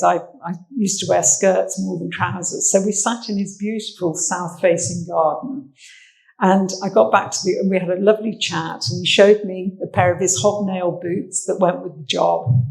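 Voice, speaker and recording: A woman's voice: lowish voice, vocal fry, darkish tone, low-quality recording. An English woman, a social history researcher, giving a chatty, anecdotal armchair talk about old photographs, with fillers. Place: indoor talk venue.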